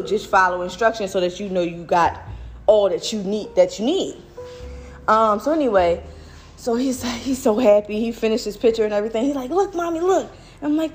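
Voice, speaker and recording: A young adult woman, a mother, ranting casually to her viewers in an animated, slangy way, with lots of restarts. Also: fairly high pitch. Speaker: mom vlogger.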